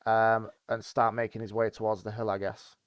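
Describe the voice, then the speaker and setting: A man's voice: lowish voice, level tone, smooth, dry recording. A man cracking jokes as a player in a tabletop game. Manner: joking, quick with quips. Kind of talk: casual game chat. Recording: dry, muffled lo-fi audio.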